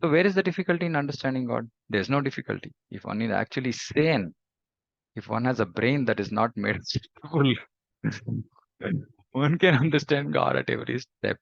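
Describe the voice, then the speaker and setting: Gravelly-voiced man giving an emphatic lecture. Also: medium pitch, animated, normal speed, no echo. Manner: emphatic, repeats for stress. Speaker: spiritual teacher. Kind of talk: scripture lecture. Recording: dull lo-fi recording.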